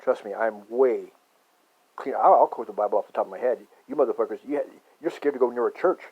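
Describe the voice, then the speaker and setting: A man in a rambling, profane conspiracy rant that swings from muttering to shouting. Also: mid-range voice, quick pace, breathy edge. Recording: dull lo-fi recording.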